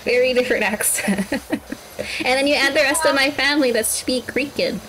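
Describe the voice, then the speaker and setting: A giggly, soft-spoken woman streamer with a mixed New York and New Jersey American accent, chatting casually with friends. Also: sits high, brisk, slight background noise, poor audio. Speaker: streamer and artist. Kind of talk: casual chat.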